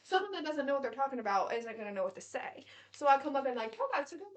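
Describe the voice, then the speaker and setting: A woman's voice: high-pitched, expressive, fast. A woman in her late twenties co-hosting a podcast, chatting casually in a blunt, jokey way and swearing freely. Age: late 20s. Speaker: podcast co-host. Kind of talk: casual chat.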